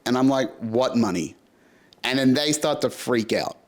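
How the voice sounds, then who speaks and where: A man's voice: mid-range voice, normal speed. A young man talking through his week in a casual vlog, frank and swearing freely, rambling with restarts. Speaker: podcast host. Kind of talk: casual personal vlog monologue.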